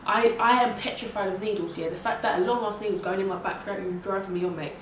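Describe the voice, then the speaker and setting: Animated woman telling a birth story. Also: mid-range voice, normal speed, a little hiss or hum. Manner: animated, swearing, slangy retelling. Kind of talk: casual storytelling. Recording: echoey room heard from a distance.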